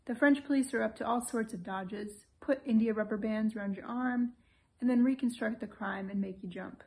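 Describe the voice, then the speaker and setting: A woman's voice: a little high, normal speed, a little mellow, natural voice. A woman reading as a grumbling fussy old lord. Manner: plaintive, complaining.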